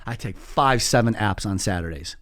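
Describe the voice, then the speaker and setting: A man in his forties from Iran, telling his story as a podcast guest in an animated, quick way, full of fillers and quoted voices. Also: on the low side, dry recording, studio quality. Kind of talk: casual storytelling.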